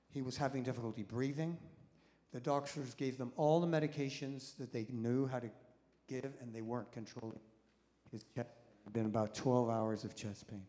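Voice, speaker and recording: Storytelling man in a reverberant hall. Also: medium pitch. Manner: animated storyteller, acts out quoted voices, engages the audience. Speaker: doctor and guest speaker at a congregation service. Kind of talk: storytelling sermon. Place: congregation hall.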